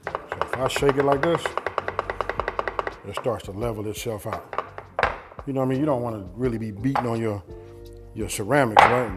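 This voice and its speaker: A man hosting a home cooking channel, talking through a recipe in a folksy, chatty way and often asking "you know what I mean?". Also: medium pitch. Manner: eats while talking at times. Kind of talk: casual cooking demonstration. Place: home kitchen.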